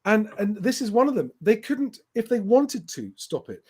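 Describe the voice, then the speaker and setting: Male host, slightly higher voice, emphatic rebuttal, casual stream chat. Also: very animated, moderate pace, warm tone, breathy edge. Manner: emphatic, rebutting viewer comments. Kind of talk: casual live-stream commentary.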